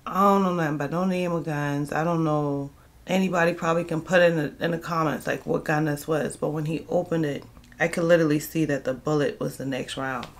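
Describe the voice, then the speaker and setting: A woman's voice: sits low, steady tone, a little fast. A woman telling a personal storytime vlog story, candid and conversational, acting out the dialogue. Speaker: vlogger.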